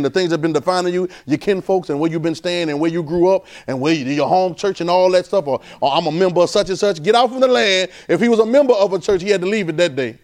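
Male preacher, high voice, chatty sermon delivery that teases and questions the crowd. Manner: conversational preaching, quizzing the congregation, rising to a high excited pitch.

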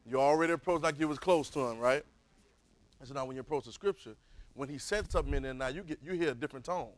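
A man, teaching a Bible class in a preaching style, calling for responses and swinging from soft to loud. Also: medium pitch, fast, poor audio.

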